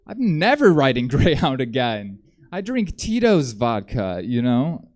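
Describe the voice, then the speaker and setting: A man performs stand-up on a theater stage, rambling deadpan and dropping frequent ums. His pitch sits in the middle, and his pace is a little slow.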